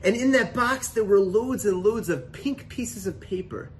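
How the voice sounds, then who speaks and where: A rabbi beginning an inspirational story in an earnest, calm way. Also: male voice, high-pitched, a little slow, slight background noise.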